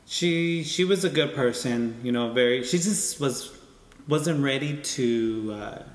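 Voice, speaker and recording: Man, medium voice, calm explainer full of "you know"s, echoey long-reverb room. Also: mid-range voice, slow. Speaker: spiritual medium. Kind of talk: casual chat.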